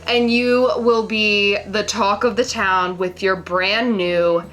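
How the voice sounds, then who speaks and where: A woman's voice: medium pitch, fairly even intonation, takes it slowly, fairly bright tone, voice pushed down. A woman putting on a stiff female newscaster voice to read a product announcement. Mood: mock-formal. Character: stiff female TV news anchor. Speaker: co-host. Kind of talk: mock newscaster voice.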